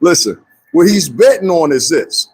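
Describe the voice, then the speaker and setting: A man's voice: fairly high pitch, moderate pace, slight background noise. A man commenting casually on a live stream, talking straight to his viewers and laughing often. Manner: animated, talks straight to viewers, frequent laughs.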